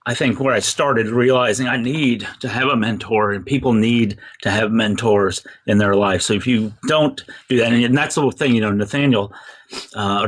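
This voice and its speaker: A man as a podcast guest, talking earnestly and rambling with many fillers. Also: fairly low pitch. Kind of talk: casual interview talk.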